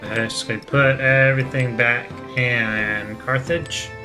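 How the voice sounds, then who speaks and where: A man hosting a gaming channel, reading game text aloud in an even, matter-of-fact way with casual asides while he plays. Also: mid-range voice, slow, over music.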